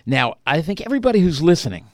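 Animated male storyteller with lively pitch. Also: fast talker, dry recording, clean studio sound. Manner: animated storyteller who acts out quotes. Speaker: author and interview guest. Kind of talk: emotional personal storytelling.

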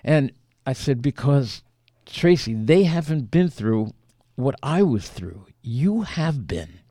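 A man tells a story in an animated way, his voice swinging widely up and down in pitch. He often repeats words as he restarts a thought. The sound is close and dry, with no room echo. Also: slow pace. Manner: animated storyteller who acts out quotes. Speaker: author and interview guest. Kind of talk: emotional personal storytelling.

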